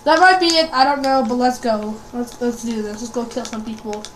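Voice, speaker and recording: High-voiced woman cursing through gameplay. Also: a little fast, slight background noise. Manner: swears often, rambling and excitable. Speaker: gaming video creator. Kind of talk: casual gameplay commentary.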